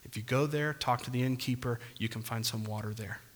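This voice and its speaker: A man voicing a calm shopkeeper selling ties in the desert, talking low and offhand. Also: fairly quick, big-room sound, close to an everyday voice.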